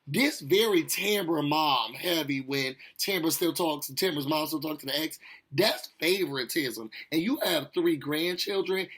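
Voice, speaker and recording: A man with a high, husky voice recaps a reality show in a loose, chatty way. He talks straight to his viewers, animated and sassy, full of asides and playful jabs. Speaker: TV recap host. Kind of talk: casual recap commentary.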